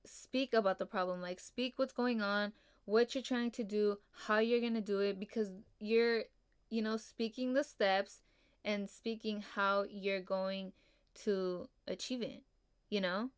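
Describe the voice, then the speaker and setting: A woman's voice: mid-range voice, steady tone, unhurried, smooth, no room sound, clean studio sound. A young woman hosting a casual solo podcast, laid-back and rambling, full of fillers and casual swearing. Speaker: podcast host.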